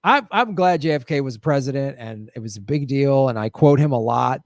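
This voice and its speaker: A man hosting a casual livestream, answering viewer questions with animated commentary and mocking voices. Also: mid-range voice, normal speed, dry recording, studio quality. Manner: animated, jumps between mocking voices and mutters.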